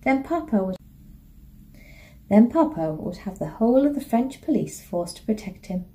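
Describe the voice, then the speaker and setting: A storybook big brother who explains things plainly, teasing but kind, as a woman reads his lines. The voice stays mellow and dark. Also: fairly high pitch, big pitch swings, normal speed. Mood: reassuring. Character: older brother, a boy, teasing but reassuring.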